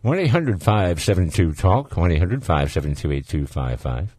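A man's voice: deep voice, animated, moderate pace, darkish tone, breathy edge, no echo. A man with a Southern US accent hosting a call-in radio show, folksy and chatty, laughing easily with callers. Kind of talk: casual call-in radio chat.

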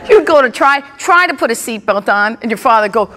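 A woman's voice: fairly high pitch, lively intonation, a little fast. A middle-aged woman performing a stand-up comedy set, telling brash stories with punchy asides on a live stage. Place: comedy stage before a crowd. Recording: live club with loud audience. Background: audience laughter and crowd noise.

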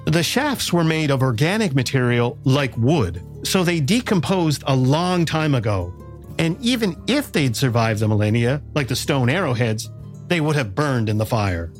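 A man narrating a documentary in a measured, explanatory way over faint background music. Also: medium pitch, very animated. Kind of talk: scripted narration.

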